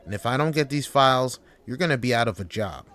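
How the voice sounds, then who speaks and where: A man's voice: medium pitch, expressive, fast, a bit bright, faint music behind, pitched above the performer's own voice, natural voice. A man voicing a demanding, belittling office boss who talks down to his worker. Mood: threatening. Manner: bossy, belittling, raised voice.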